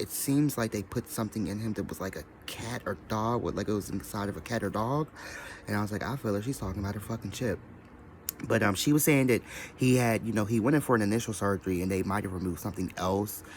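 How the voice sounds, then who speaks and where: A man with a lowish voice rambles through a casual vlog rant, jumping from point to point and cursing freely. A faint hum sits under the recording. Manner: scattered, profane, mimics others in quoted voices. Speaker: social media commentator.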